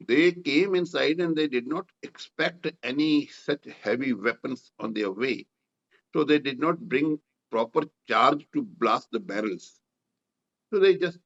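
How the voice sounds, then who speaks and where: A man's voice: mid-range voice, fairly bright tone, muffled recording. An older man with an Indian English accent, a war veteran recounting battlefield memories in an interview, acting out the dialogue vividly. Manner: vivid, reenacts dialogue with rising intensity. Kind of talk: storytelling in interview.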